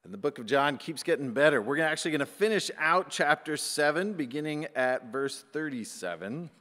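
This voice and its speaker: A male pastor giving a conversational sermon, animated and acting out little asides. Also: fairly high pitch, fairly quick. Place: church sanctuary. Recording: church hall with long reverb.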